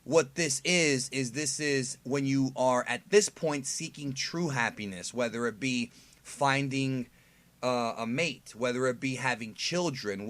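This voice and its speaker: A man's voice: mid-range voice, fairly bright tone. A man hosting his own video channel, explaining an idea in an enthusiastic, rambling way, with many fillers and restarts. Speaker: YouTube host. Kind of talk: casual explainer monologue.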